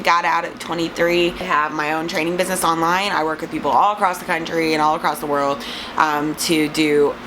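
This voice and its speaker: A woman in her twenties, a fitness vlogger and online trainer, chatting to camera in a rambling, self-deprecating way. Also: on the low side. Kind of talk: casual to-camera chat. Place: room with a fan running. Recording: fan noise clearly audible. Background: steady fan hum.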